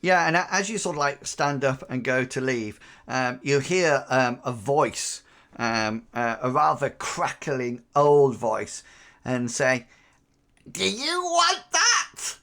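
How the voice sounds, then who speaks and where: A man's voice: medium pitch, slow pace, a bit bright. A man narrating as game master in a tabletop game, describing scenes with hesitant, filler-heavy phrasing.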